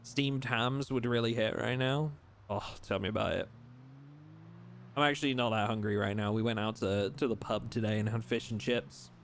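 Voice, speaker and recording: A young man chatting casually while streaming a survival game, reading chat aloud and thinking out loud. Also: on the low side, steady tone, moderate pace, gravelly, slight background noise. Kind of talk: casual live-stream commentary.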